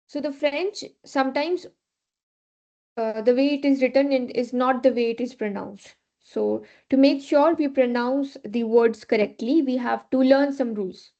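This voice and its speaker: Slow high-voiced woman teaching French. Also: warm tone. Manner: patient, repeats rules with many okays. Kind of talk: live online class teaching. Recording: dull lo-fi class recording.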